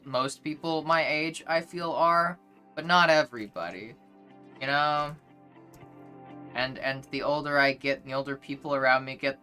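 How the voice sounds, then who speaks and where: Young woman streamer rambling and cussing, kinda fed up, bright voice, faint music behind. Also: very deep voice. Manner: rambling, profane, exasperated. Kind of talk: casual livestream rant, reading chat.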